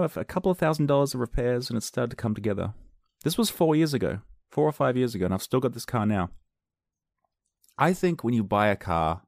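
A man's voice: mid-range voice, vocal fry, no room sound, studio quality. A man chatting casually to his viewers, rambling through a story, repeating words and laughing easily. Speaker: vlogger.

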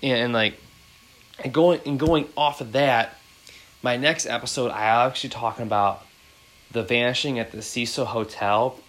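A man's voice: mid-range voice, steady tone, moderate pace, a bit bright, poor audio. Rambling man in his thirties. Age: 30s. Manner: rambling, heavy with fillers like "like" and "um". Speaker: podcast host. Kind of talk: casual podcast chat.

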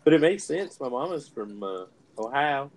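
A man's voice: medium pitch, big pitch swings, moderate pace. A man with a northern US accent co-hosting a casual podcast chat, rambling and swearing casually. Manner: easygoing, rambling, profane. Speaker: podcast co-host.

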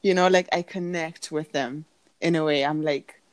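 A young woman co-hosting a podcast in a casual chat, animated and giggly, with many fillers. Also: normal speed. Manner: giggly, animated, lots of fillers, acts out quotes in a high voice. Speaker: podcast co-host.

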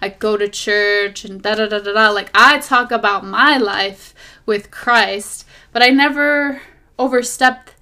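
Podcast host, woman, casual and animated faith talk, drifts off topic, phone memo sound. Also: medium pitch, unhurried. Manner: rambling and animated, drifting off topic, lots of fillers.

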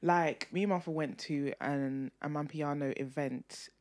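A woman's voice: sits low, a little slow, a little mellow. Easygoing woman podcast host. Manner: easygoing, affirming with repeated "right" and "yeah". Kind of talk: casual chat.

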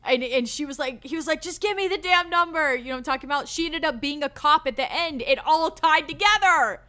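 A woman co-hosting a casual movie discussion, ranting in an animated, exasperated way with lots of "like". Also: high-pitched, brisk. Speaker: podcast co-host. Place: recorded live.

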